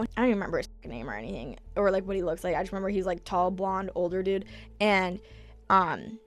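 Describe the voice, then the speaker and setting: A young woman in her twenties telling an animated, profane travel story in a casual vlog. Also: mid-range voice, fast, faint music behind. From United States. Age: 20s.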